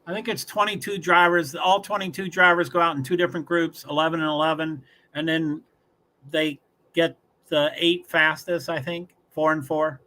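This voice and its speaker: Sharp in tone and flat in delivery, this man's slightly high voice moves at a moderate pace as he hosts a livestream. He gives casual commentary on a race, rambling while thinking aloud.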